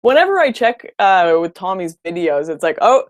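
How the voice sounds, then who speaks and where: A woman chats casually on a livestream, reacting to viewer comments with blunt, opinionated remarks. Her voice sits on the lower side for a woman and sounds dry and close, with no room echo. She often restarts her sentences as she talks. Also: sing-song, normal speed. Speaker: livestream host.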